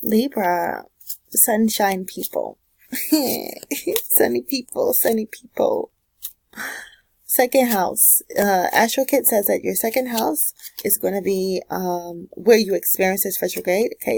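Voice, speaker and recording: A woman's voice: medium pitch, expressive, moderate pace, vocal fry, a little mellow, no echo, low-quality recording. A woman giving a casual pick-a-card astrology reading, with sassy, slangy, direct advice. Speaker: tarot and astrology reader.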